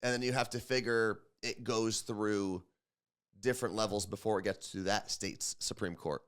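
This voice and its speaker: A man's voice: lowish voice, fairly even intonation, moderate pace, fairly bright tone, clean tone. A man co-hosting a morning show, chatting casually and with strong opinions, often repeating words as he thinks. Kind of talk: casual radio show banter.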